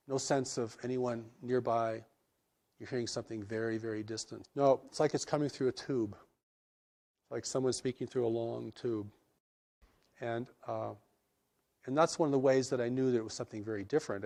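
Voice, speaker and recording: A man giving reflective interview answers about spiritual revelations, earnest and measured, often restarting his sentences. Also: medium pitch, creaky, darkish tone.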